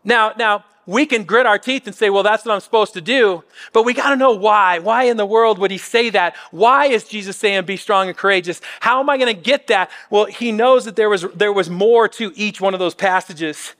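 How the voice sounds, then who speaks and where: A pastor in his fifties preaching a sermon in a church, earnest, sometimes dropping to a soft near-whisper for emphasis. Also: sits high, normal speed, hardly any pauses, in a large hall. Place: church auditorium.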